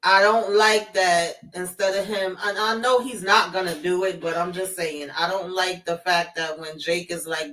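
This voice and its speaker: A woman's voice: lowish voice, fairly even intonation, normal speed, few pauses, fairly bright tone. Woman, co-host, far from mic, echoey room, emphatic, laughing. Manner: laughing, emphatic, frequent mm-hmms. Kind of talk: casual TV recap chat.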